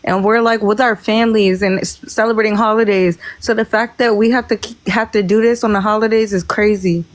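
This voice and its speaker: A woman's voice: mid-range voice, fairly even intonation, a little fast, hardly any pauses, dry recording. An exasperated woman vents on a group livestream, swearing as she speaks. Her voice sits mid-range for a woman. The sound is dry and close. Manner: exasperated, profane. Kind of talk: heated casual chat on a group livestream.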